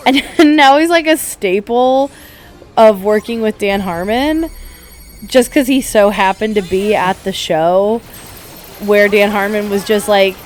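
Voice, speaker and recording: A woman with a medium-pitched voice talks a little slowly. She's co-hosting a gaming podcast, chatting casually while playing through a game and retelling stories with acted-out quotes.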